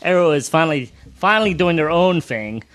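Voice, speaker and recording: A man co-hosting a casual podcast chat, animated and quick to act out what people said. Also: a little high. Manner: animated, laughing, acts out quotes. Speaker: podcast co-host.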